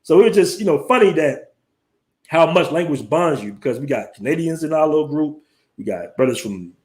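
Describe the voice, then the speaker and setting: A man hosts a casual live stream, talking in an easy, slangy way. His voice sits a little high for a man, and he keeps his patter loose and unhurried. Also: big pitch swings, a little mellow. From United States. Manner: laid-back, slangy, reads out viewer comments.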